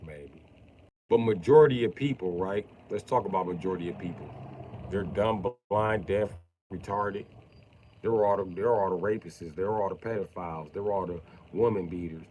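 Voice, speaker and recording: A man ranting casually on a livestream, using profane, swaggering slang and swinging between a mutter and loud talk. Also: low voice, moderate pace, slight background noise.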